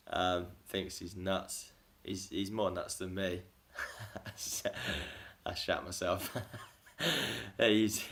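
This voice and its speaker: A man with a very low voice chats loosely into his phone for a daily video diary. He rambles from story to story, laughing at himself as he goes. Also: a bit bright. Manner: rambling, self-deprecating, laughs often. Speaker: vlogger.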